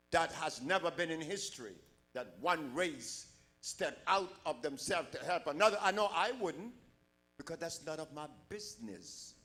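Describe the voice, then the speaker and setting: A man's voice: a little high, fairly bright tone. An older man giving an emphatic public lecture to a large live audience, full of rhetorical questions.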